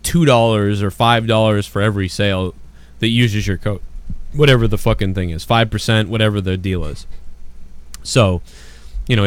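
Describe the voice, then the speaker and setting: A man's voice: lowish voice, clean tone. A man from Massachusetts hosting a podcast, chatting casually and rambling with lots of fillers and swearing. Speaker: podcast host.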